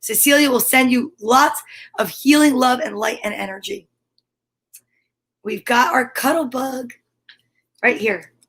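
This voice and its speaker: A middle-aged woman hosting a home story time, talking warmly and encouragingly straight to her viewers. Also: fairly high pitch, husky. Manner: warm encouraging, gushing, talks straight to viewers. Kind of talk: upbeat video chat to viewers. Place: home room by a window. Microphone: camera with ring light.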